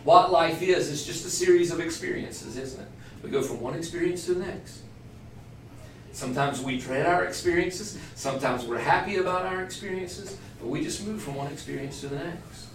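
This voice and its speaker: A man preaches to a small gathering in a chatty, self-deprecating way, mixing scripture with asides. His voice sits a little high and sounds distant, caught in a roomy space with faint ambient noise. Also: moderate pace. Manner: conversational, self-deprecating, joking with the group. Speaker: pastor teaching a church class. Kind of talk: informal sermon. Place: church room with a small group. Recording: echoey room, voice from far off.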